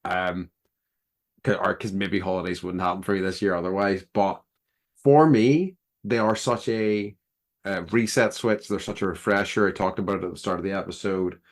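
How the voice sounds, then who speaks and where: A man's voice: low voice, fairly even intonation, moderate pace. A man, co-hosting a podcast in loose, rambling casual chat and laughing easily. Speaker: podcast co-host.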